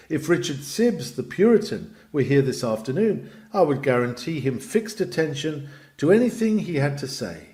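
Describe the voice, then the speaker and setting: A man reading aloud a Victorian lecture on preaching, with expressive emphasis that swells and drops. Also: mid-range voice. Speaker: reader.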